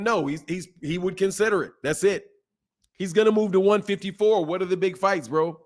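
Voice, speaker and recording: Guy hosting a boxing livestream, kinda high voice, blunt and repetitive, talking straight to chat. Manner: blunt, animated, repeats himself for emphasis. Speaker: boxing channel host. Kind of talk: casual livestream commentary.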